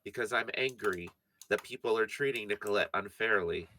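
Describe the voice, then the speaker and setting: A man's voice: on the low side, normal speed, pushed and bright, slight background noise. A man voicing a blunt, earnest young adventurer in a tabletop game, speaking from the heart with slightly slurred words. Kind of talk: tabletop role-play character voice.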